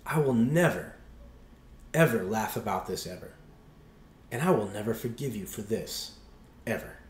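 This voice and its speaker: A man's voice: on the high side, sing-song, moderate pace, mellow, a little hiss or hum. A man quoting a tearful, bitter young wife. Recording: roomy hall echo.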